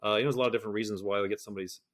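Profane, animated middle-aged man. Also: on the low side, rapid-fire. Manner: profane, animated, rambling with many restarts. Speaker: guest, personality system creator. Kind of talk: candid interview conversation.

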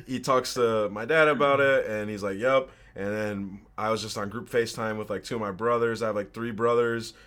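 A man's voice: on the low side, fairly even intonation, brisk, few pauses, a bit bright. A man in his twenties, a podcast guest, casually telling a personal story with slang and swearing. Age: 20s.

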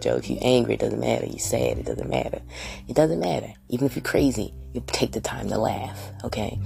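A woman's voice: extremely low pitch, vocal fry. A woman hosting a solo podcast, rambling profanely with constant rhetorical questions. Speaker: podcast host.

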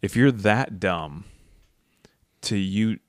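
A man's voice: lowish voice, drawn-out words, no room sound, studio quality. A man hosting a casual outdoors podcast, telling a long story in a blunt, profane way and acting out the dialogue. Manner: rambling storyteller who acts out quoted dialogue. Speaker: podcast host.

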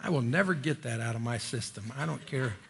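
A middle-aged man preaching a sermon in a church, folksy and joking, climbing higher when he presses a point. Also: expressive, fairly quick, creaky, fairly bright tone, slightly rough. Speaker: pastor. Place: church sanctuary.

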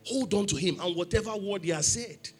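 A man's voice: high-pitched, fairly quick, husky, faint music behind. A man preaching a sermon in church, emphatic, asking the congregation questions for them to answer. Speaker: pastor.

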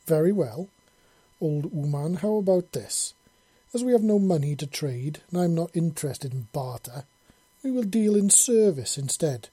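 A man's voice: on the high side, moderate pace, dark tone, breathy edge, dry recording. A man voicing a proud, fierce female alien huntress who speaks in a haughty, formal way, in a storybook reading. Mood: smug.

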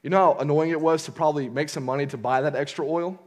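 A man's voice: fairly high pitch, steady tone, fast talker, darkish tone. A young man, preaching a casual sermon as he tells a story, with lots of fillers and restarts. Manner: conversational, lots of fillers and restarts, voices characters in quotes. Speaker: youth preacher.

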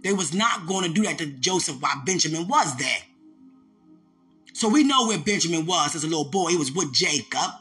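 A preacher delivers a fervent sermon with a bright, forceful voice. The delivery swings from high, loud exclamations down to low, near-whispered passages. Soft music plays faintly underneath. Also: lively intonation, brisk. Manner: fervent, call-and-response preaching.

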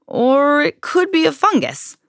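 A self-important storybook doctor, slow and authoritative, as a woman puts him on. The delivery is drawn out, with a gravelly edge and a close, dry sound. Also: high voice, huge pitch swings, a bit bright, dry recording, voice pushed up, exaggerated voice. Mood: pompous. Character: pompous male expert doctor.

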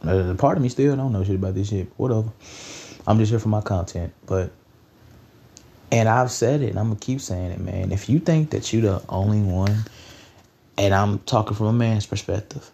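A man's voice: fairly low pitch, moderate pace, creaky, dark tone. A young man hosting a solo podcast, blunt and profane, repeating lines for emphasis. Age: young adult. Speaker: podcast host. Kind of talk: casual solo podcast rant.

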